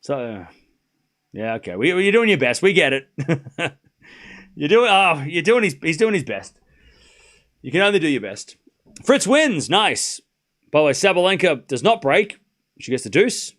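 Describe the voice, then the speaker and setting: Lively, animated man calling tennis scores. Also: on the high side, normal speed, pauses often. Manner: casual, swears freely, laughs often; calls scores between chatty asides. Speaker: stream host. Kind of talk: live sports watchalong commentary.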